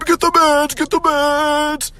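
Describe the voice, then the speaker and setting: Dude doing a freaking-out old doctor, super high and squealy, yelling for meds. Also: male voice, little pitch movement, slow, exaggerated voice. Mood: hysterical. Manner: hysterical, squealing. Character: panicking older male boomer doctor.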